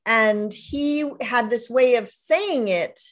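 A woman's voice: fairly high pitch, slow. Reflective middle-aged woman telling her story. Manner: warm, reflective, with frequent restarts and soft laughs. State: widowed. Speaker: author and guest. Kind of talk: casual interview talk.

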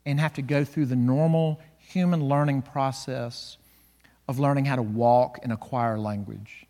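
A male pastor preaching a sermon, slowing and swelling on key words. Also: mid-range voice, steady tone, warm tone, long reverb tail.

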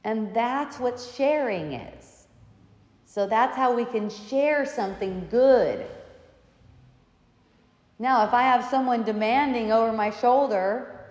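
A woman with a fairly high voice talks loosely and warmly through personal stories, laughing often as she goes. Her voice rings in a roomy space with a long trailing reverb. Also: expressive, takes it slowly, long pauses, muffled recording. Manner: laughing often, meandering storytelling. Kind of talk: casual spiritual talk. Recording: echoey room with long reverb.

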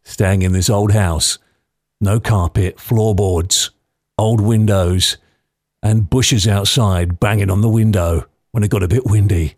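A man's voice: on the low side, fairly even intonation, unhurried, darkish tone, no room sound, studio quality. A man in his fifties from London hosting a podcast, telling personal stories in a chatty, nostalgic way. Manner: chatty, nostalgic, anecdotal with light laughs. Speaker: podcast host.

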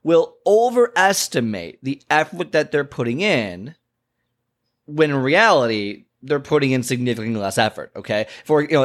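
Animated male fitness coach, chatty. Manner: animated storyteller, acts out clients and himself with big pitch jumps; conversational, frequent "okay?" and "you know" asides. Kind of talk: casual talking-head advice.

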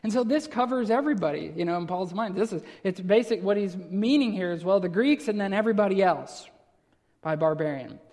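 A preacher from Wisconsin, speaking with the local accent, gives an expository sermon that echoes through a large hall. His voice sits high with a darkish tone and moves a little fast as he patiently explains, repeats phrases, and builds to emphatic lists.

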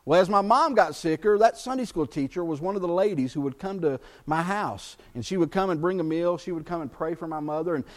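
A middle-aged man preaching a sermon as pastor, telling a personal story earnestly and dropping to a hush when quoting scripture. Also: on the high side, expressive, a little fast, few pauses.

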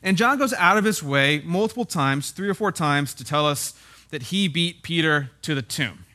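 A man's voice: on the high side, lively intonation, moderate pace, bright, forceful tone. A man preaching a conversational sermon as a pastor. He speaks in a casual, wry way and keeps checking in with tag questions.

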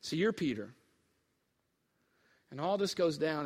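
A man's voice: a little high, animated, unhurried, pauses often, big-room sound. A male pastor giving a sermon, telling a story in a casual, conversational way and talking straight to the listeners.

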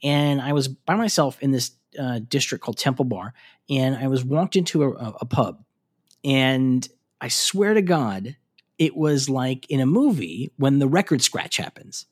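A man's voice: mid-range voice, measured pace, husky. A middle-aged man, co-hosting a podcast and telling stories with lots of laughs. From United States. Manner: animated storyteller, laughs often, acts out quotes. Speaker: podcast co-host. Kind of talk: casual chat.

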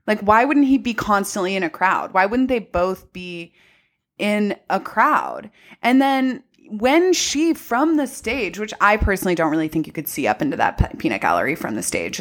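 A woman's voice: mid-range voice, fairly bright tone. A woman co-hosting a podcast, recapping a movie in casual, sarcastic, profane chat. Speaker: podcast co-host.

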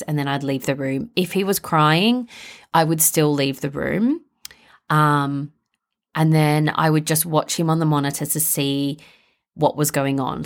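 A young woman hosting a parenting podcast, talking casually and chattily with lots of "like" and "um". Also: low-pitched. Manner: chatty, filler-heavy, with frequent "like" and "um". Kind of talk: casual solo podcast chat.

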